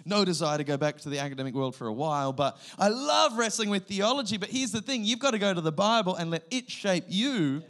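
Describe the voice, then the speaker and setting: Lively Australian man preaching. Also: sits high, brisk, hardly any pauses. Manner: lively storytelling with sudden loud bursts. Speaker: guest pastor. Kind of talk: sermon.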